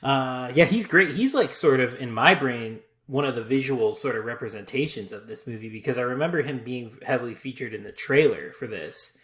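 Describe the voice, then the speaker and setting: A man's voice: medium pitch, a little fast, few pauses, a bit bright. A man co-hosting a casual movie review podcast, laughing easily and swearing casually. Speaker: podcast co-host.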